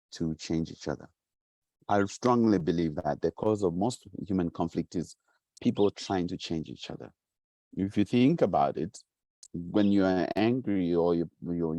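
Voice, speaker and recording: Male speaker with a low, mellow voice for a motivational lesson who stresses key phrases. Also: dry recording. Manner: emphatic, repeats key phrases, acts out quoted voices. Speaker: founder giving a teaching. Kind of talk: motivational teaching talk.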